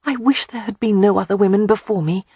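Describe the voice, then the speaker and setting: A narrator voicing a shy young woman in love, speaking breathlessly and shakily in a raised pitch, in a storybook reading. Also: fast talker, mellow, slightly rough, no echo. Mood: breathless longing. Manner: breathless, shaky, higher-pitched delivery.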